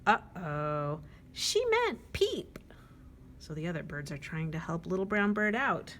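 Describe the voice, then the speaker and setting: A woman librarian reading a picture book aloud at storytime, animated and asking the children questions. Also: low-pitched, normal speed, slight background noise.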